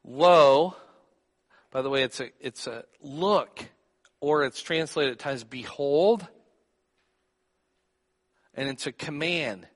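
A man's voice: medium pitch, moderate pace, fairly bright tone, in a large hall. A man preaching a sermon, teaching and putting questions to his listeners. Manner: teaching, asks the audience questions.

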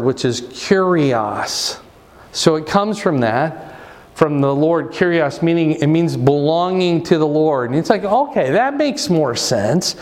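A pastor teaching his church in a conversational, rambling way, full of restarts and asides. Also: fairly high pitch.

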